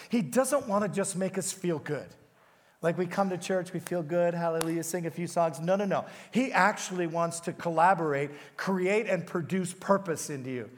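A man preaching a sermon with energy in a large church, speaking directly to the congregation. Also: high voice. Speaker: pastor. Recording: reverberant church hall.

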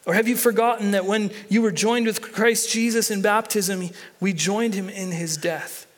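A man with a high-pitched voice delivering a sermon as pastor. His talk is loose and conversational, with stumbles, restarts and lines said twice for emphasis. He draws the congregation into reading along and answering back. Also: fairly even intonation, normal speed. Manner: leads the congregation in reading and call-and-response.

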